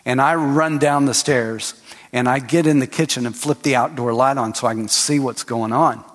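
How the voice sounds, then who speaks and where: A male pastor preaching a sermon, telling stories with lively acted-out voices that rise at times to shouting. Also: mid-range voice, moderate pace. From Texas. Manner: animated storytelling, acting out voices and rising to shouts. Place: church hall. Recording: long hall reverb.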